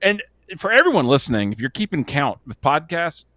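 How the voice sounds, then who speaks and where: A man's voice: a little high, sing-song, fairly quick, fairly bright tone, no echo. A man co-hosting a casual movie podcast, joking and going off on tangents. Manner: joking, tangent-prone, swears lightly. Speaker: podcast co-host. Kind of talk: casual movie review chat.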